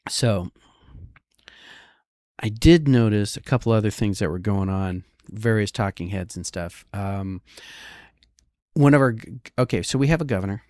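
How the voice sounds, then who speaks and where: A man with a fairly low voice talks through the housing market like a seasoned broker. His delivery is sarcastic and chatty, and he keeps asking "all right?" as he goes. The sound is dry and close, with no room echo. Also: normal speed, pauses often, a little mellow. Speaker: real estate broker. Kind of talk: casual market commentary.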